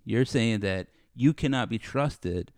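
A man's voice: mid-range voice, animated, slow, darkish tone, dry recording, studio quality. A man in casual podcast chat, ranting and acting out both sides of an argument as he talks. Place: studio under bright lights.

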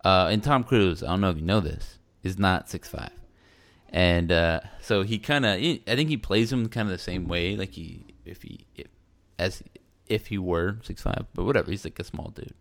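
A man's voice: low-pitched, normal speed, vocal fry, fairly bright tone. A man, co-hosting a podcast in rambling, self-mocking casual chat. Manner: rambling, loose and self-mocking, with playful put-on quotes. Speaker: podcast co-host.

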